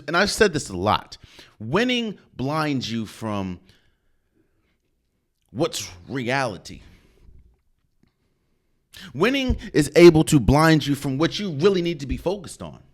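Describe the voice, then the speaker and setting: A man hosting a podcast, breaking down football in an emphatic, animated way. His pitch sits in the middle but swings widely as he leans into his points, and he often repeats phrases for effect. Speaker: podcast host. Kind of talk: solo sports commentary.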